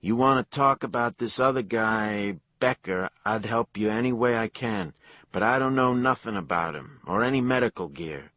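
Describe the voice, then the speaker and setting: A man's voice: lowish voice, moderate pace, bright, forceful tone, no echo, lo-fi sound, voice pushed up. A man voicing a nervous male hospital worker with a thick New Jersey accent, denying everything defensively in an audiobook. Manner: defensive, jittery denials. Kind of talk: audiobook character voice.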